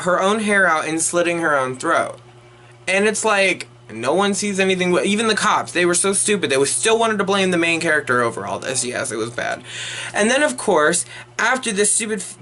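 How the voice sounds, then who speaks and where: A man's voice: high voice, pushed and bright. A young man giving an unedited movie review in a rambling, exasperated and profane rant, full of restarts.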